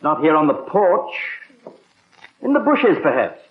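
A wry butler. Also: male voice, fairly high pitch, sing-song, unhurried. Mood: dry. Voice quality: polite, formal and wry. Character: prim, dry-witted English butler, adult man. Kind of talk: 1950s radio sitcom acting. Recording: dull, roomy 1950s radio broadcast.

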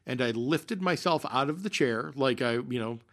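A man's voice: medium pitch, animated, normal speed, a bit bright. A man telling a long theater story in casual podcast chat, rambling with many fillers and restarts. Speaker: podcast co-host.

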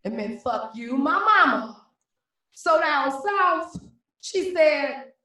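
A woman performing slam poetry in a high, bright voice. Her delivery is rhythmic and emphatic, and she drives each line home in slow, deliberate beats. She is picked up from across a very echoey room. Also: expressive. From Cleveland, Ohio. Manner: rhythmic, emphatic declamation with repeated refrains. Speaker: slam poet. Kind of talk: spoken-word poetry performance. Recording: very echoey room, mic at a distance.

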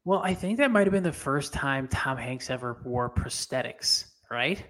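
A man's voice: mid-range voice, animated, moderate pace, fairly bright tone. A man co-hosting a sports podcast, talking in a laid-back, chatty way, full of "like" and "dude". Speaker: podcast co-host. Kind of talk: casual chat.

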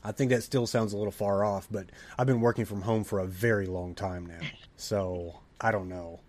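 A man's voice: fairly low pitch, fairly even intonation, moderate pace, darkish tone. A man hosting a podcast, telling a rambling story in casual chat with plenty of restarts. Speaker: podcast host.

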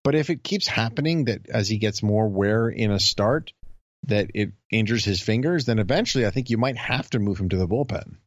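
A man's voice: fairly low pitch, lively intonation, brisk, dry recording. A man co-hosting a podcast in casual sports chat, making dry, sardonic quips. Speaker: podcast co-host.

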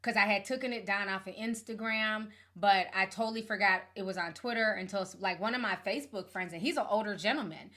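A woman's voice: medium pitch, fairly quick, few pauses, pushed and bright. A woman hosting a casual gossip commentary show, talking bluntly with plenty of profanity and laughter.

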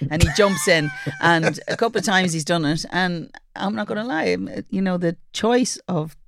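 A woman's voice: on the low side, normal speed, vocal fry, fairly bright tone, a little hiss or hum. A woman co-hosting a casual chat, dropping wry, teasing quips.

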